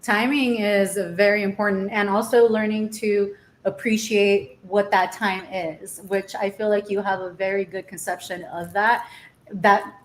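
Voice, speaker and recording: A woman's voice: mid-range voice, fairly even intonation, measured pace, slight background noise. A young woman hosting a casual chat while eating, talking openly and laughing easily. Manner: chatty, laughs easily, emotional and open. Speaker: host.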